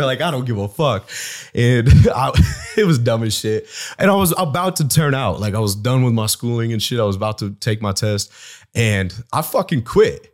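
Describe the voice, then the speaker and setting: A man's voice: mid-range voice, animated, moderate pace. A man from Southeast Iowa, a personal trainer, telling blunt, profane stories in a casual podcast chat.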